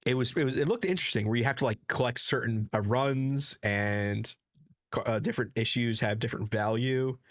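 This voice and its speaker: Halting, sick man co-hosting a podcast. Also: mid-range voice, a bit bright, no echo, studio quality. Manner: halting, many fillers, teasing. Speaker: podcast co-host. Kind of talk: casual chat.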